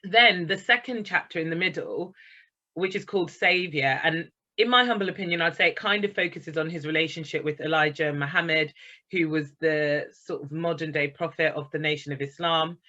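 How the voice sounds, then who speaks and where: A woman's voice: low-pitched, moderate pace, sharp tone, highs cut off. A woman speaking to an online book club over a video call, chatty and enthusiastic. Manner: enthusiastic, chatty, reads out comments. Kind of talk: online talk to a group.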